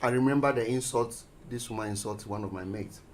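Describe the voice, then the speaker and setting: In a radio studio, a male teacher appears as a guest and tells school stories, animatedly acting out the quoted voices. His voice sits in the mid-range and moves fairly quickly, with a little hiss or hum in the recording.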